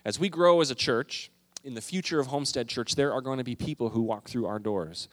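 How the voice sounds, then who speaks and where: A man's voice: medium pitch, brisk. A man preaching a sermon as pastor, telling a story in an earnest, emotional way with emphatic rises in his voice.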